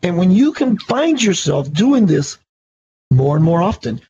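High-voiced enthusiastic man, lo-fi. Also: big pitch swings, unhurried, mellow, a little hiss or hum. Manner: enthusiastic, preachy. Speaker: radio show host. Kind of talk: spiritual radio talk.

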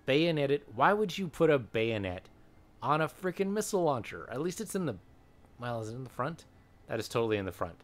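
A gaming channel host does let's play commentary in a mid-range, sing-song voice at a fairly quick pace. He's chatty and wry while playing, thinking aloud and hesitating often.

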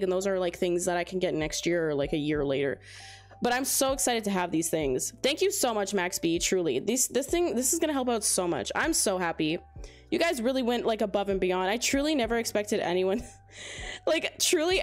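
Young woman streamer, casual and giggly, slightly high voice, desk mic at home, soft music bed. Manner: bubbly, rambling, lots of fillers and laughs. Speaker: livestream gamer host. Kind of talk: casual livestream chat. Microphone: desk microphone with high gain.

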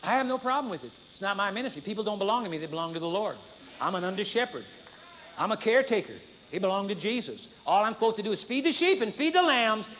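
A man's voice: high-pitched, lively intonation, fast, a bit bright. A man preaching a sermon at a conference, mixing humor with acted-out demonstrations. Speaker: pastor. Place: large conference hall. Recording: faint noise, 1980s conference recording.

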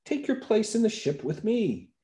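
A man's voice: high-pitched, big pitch swings, moderate pace, mellow, pitched above the performer's own voice. A man voicing a simple, cheerful young peasant fool who calls out eagerly to strangers.

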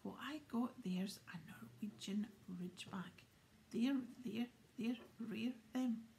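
A woman voicing a big, gruff, proud male gamekeeper in a whispered role-play. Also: fairly high pitch, takes it slowly, warm tone, a little hiss or hum.

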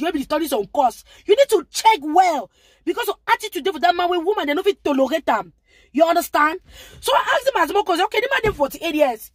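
A woman's voice: extremely high pitch, no room sound, clean studio sound. A woman with a Nigerian accent giving rambling, lecturing advice in a casual live-stream monologue. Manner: rambling, lecturing, with frequent asides.

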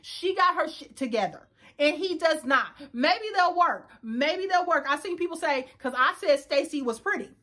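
A woman in her thirties recapping a reality dating show in a sassy, loud, casual way, switching speeds and pitch often. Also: lively intonation, moderate pace. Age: 30s.

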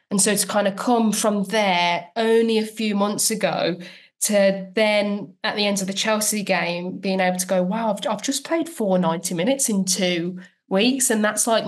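A woman talking about her career as a guest on a casual podcast interview, chatty and reflective and full of "like" fillers. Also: mid-range voice. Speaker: guest, professional footballer.

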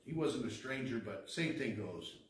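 A man preaching a sermon as pastor, building to emphatic lines and dropping to a hushed tone. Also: medium pitch, lively intonation, moderate pace, slight background noise. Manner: preaching with rising emphasis, then softening to a hushed tone. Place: church sanctuary. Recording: echoey hall from far off.

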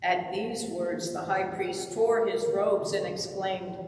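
A lector narrating a Passion gospel reading in a church, slow and formal. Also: medium pitch, steady tone, a little mellow, slight background noise. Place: church sanctuary. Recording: echoey church from far off.

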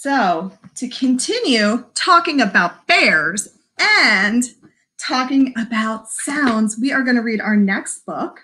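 A woman's voice: fairly high pitch, animated, slow pace, sharp tone. Sing-song woman librarian reading to kids. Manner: sing-song read-aloud with animal noises; encouraging, talks to young viewers. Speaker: children's librarian. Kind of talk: reading a picture book aloud to children. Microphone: livestream camera mic.

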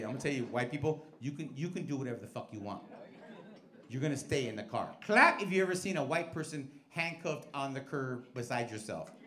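Loud, profane stand-up comic on stage. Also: male voice, on the high side. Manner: loud, profane, animated storytelling with put-on voices. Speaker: stand-up comedian. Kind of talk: stand-up set with crowd work. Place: comedy club stage with live audience. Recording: live club recording with crowd noise.

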